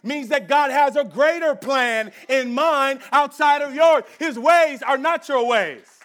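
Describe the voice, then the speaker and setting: A male pastor preaching a sermon in a church. His delivery is conversational and swings between loud emphasis and hushed intensity. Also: extremely high pitch, a little slow.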